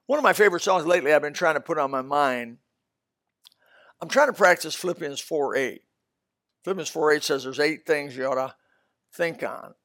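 An older man preaching a sermon in a storytelling way, swinging between loud bursts and soft asides. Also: on the high side, animated, normal speed, pauses often.

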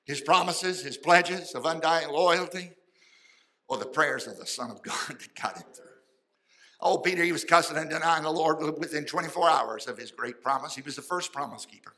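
Fervent preacher, bright high voice. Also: male voice, moderate pace, poor audio. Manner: fervent, folksy preaching with sudden loud and soft swings. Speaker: pastor. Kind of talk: sermon.

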